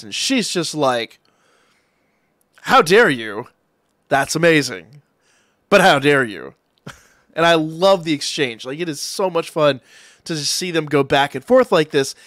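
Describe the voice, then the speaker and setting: A man casually recapping an anime episode, rambling excitedly and acting out the characters' lines as he goes. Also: on the high side, no echo, studio quality. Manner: excited, rambling retelling with acted-out quotes. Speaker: anime reviewer.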